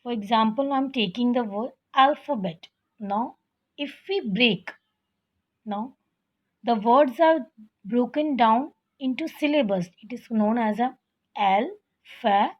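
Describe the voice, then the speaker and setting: A woman teacher giving a slow, patient grammar lesson to children, often calling them "children" and checking that they understand. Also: fairly high pitch. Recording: dull lo-fi recording.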